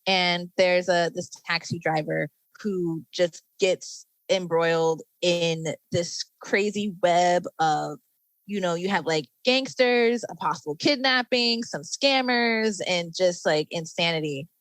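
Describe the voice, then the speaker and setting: A fairly low-voiced woman guesting on a podcast, talking with rambling enthusiasm. The sound is dry and close, with little room. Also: slow, dry recording, low-quality recording. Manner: enthusiastic, rambling, many fillers. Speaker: guest, anime content creator. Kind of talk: casual interview chat.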